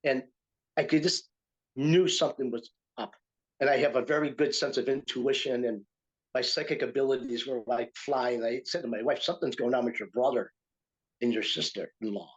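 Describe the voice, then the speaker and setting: A man's voice: mid-range voice, fairly even intonation, moderate pace, poor audio. An older man from upstate New York, a retired teacher and writer, telling a story in a casual interview with many fillers and restarts. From Utica, New York, USA.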